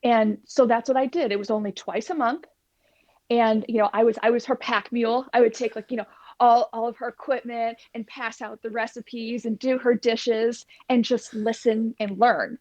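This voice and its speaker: Speaking at a moderate pace in a slightly high voice, a plant-based cooking teacher shares her life story during an interview. She's lively and voices the dialogue herself. The audio is dry, dull and lo-fi.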